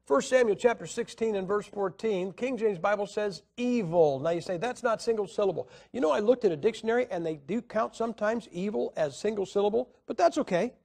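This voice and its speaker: Male preacher, high voice, combative teaching tone with lots of "uh" pauses. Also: gravelly, darkish tone. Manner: argumentative, rhetorical questions, hesitant fillers. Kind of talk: Bible teaching lecture.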